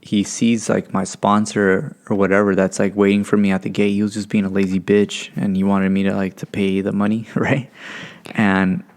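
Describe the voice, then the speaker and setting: A man's voice: fairly low pitch, moderate pace. A young man from California telling a long story casually, rambling a bit and acting out the voices of the people in it. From California, USA. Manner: relaxed, rambling, acts out quoted voices. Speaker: podcast guest.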